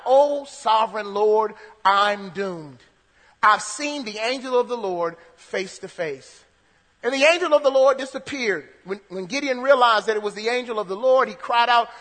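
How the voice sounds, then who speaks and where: A man's voice: extremely high pitch, pushed and bright, long reverb tail. A man preaching a sermon. He reads scripture aloud and then preaches, repeating phrases and restarting sentences.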